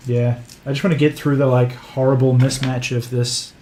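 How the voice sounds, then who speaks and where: Man, New Zealand accent, casual hobby livestream host, self-mocking, mid pitch, clear background noise. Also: flat delivery, moderate pace. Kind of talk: casual chat while sanding a model kit.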